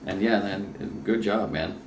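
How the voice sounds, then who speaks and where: Brief: male comedian guest, deep low voice, self-mocking and profane, echoey home setup. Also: unhurried, slight background noise. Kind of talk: casual podcast chat. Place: his own house.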